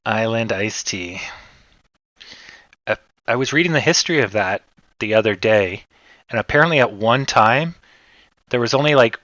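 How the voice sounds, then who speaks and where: A man from Canada chats slowly and loosely on a livestream, his voice sitting a little low. The sound is dull and lo-fi, close and dry with no room around it. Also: no room sound. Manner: relaxed rambling, reacts to chat. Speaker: livestream host. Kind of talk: casual livestream chat.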